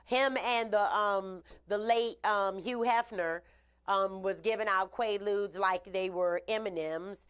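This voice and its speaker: A woman hosting a live online show, chatting casually with shout-outs and blunt opinions. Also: mid-range voice, takes it slowly, smooth. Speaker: host. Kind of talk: casual live-stream talk.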